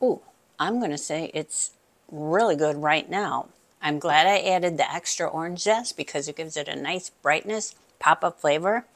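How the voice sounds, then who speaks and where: Woman cooking-channel host, slightly low voice, casual kitchen demo, friendly, talks to camera, murmurs "mm" while tasting. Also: normal speed. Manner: chatty, talks straight to viewers; savoring, with appreciative murmurs.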